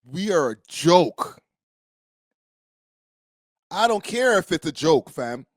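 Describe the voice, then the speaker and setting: A man's voice: a little high, sing-song, slow pace, no room sound, studio quality. A young man from Canada, a streamer host giving a blunt, profane, slangy live-stream reaction.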